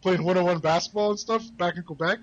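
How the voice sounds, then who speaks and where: A man's voice: high-pitched, muffled recording. A man joking with friends over a video game, telling rambling absurd stories and drawing out his punchlines. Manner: rambling absurd tall tales, slow drawl for punchlines. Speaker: co-host of a gaming stream. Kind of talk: joking gaming banter.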